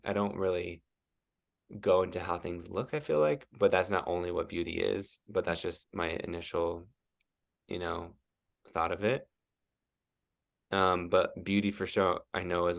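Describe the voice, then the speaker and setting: Male guest coach, deep and creaky, loose chatty delivery full of "like". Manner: rambling, heavy use of "like". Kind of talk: casual podcast interview.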